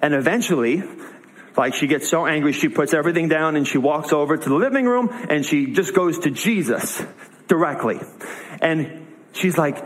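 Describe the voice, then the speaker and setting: A young man gives a relaxed, conversational sermon. His voice sits a little high. He retells the story in his own words and slips into quick voiced asides. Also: low-quality recording. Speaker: preacher. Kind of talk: casual sermon.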